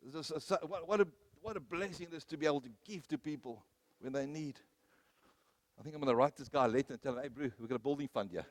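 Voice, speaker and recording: A man preaching a sermon, telling personal stories, rising to loud, emphatic peaks and then dropping low. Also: fast. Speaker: pastor.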